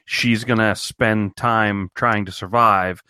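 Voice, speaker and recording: Man, podcast co-host, casual chat, deadpan jokes, low voice. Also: slow pace, clean tone, dry recording. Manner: dry, sarcastic joking. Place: home in Maine.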